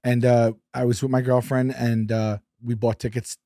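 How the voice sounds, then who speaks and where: A man telling a story as a podcast guest, animated, acting out his quotes and sometimes dropping to a whisper. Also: medium pitch, normal speed, dry recording, studio quality. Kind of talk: casual storytelling.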